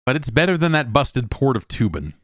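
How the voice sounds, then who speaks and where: A man's voice: mid-range voice, very animated, brisk, dry recording, studio quality. A middle-aged man hosting a show, giving a casual, rambling spoken review of a video game with many restarts and asides. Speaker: show host.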